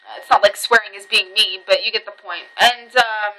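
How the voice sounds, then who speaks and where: A woman's voice: medium pitch, moderate pace, pushed and bright, a little hiss or hum, poor audio. A young woman telling a rambling personal story in a casual vlog, swearing freely and breaking off into asides. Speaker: vlogger.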